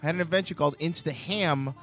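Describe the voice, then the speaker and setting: A man's voice: on the high side, quick pace, fairly bright tone, faint music behind. A young man hosting a comedy podcast, joking crudely and rambling, often cutting himself off mid-sentence. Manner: joking, rambling, self-interrupting. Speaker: podcast host.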